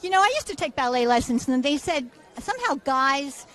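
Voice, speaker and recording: A woman's voice: high voice, big pitch swings, a little fast, a bit bright. A woman interviewing award nominees at an event in a chatty, encouraging way, with asides. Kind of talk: casual red-carpet chat.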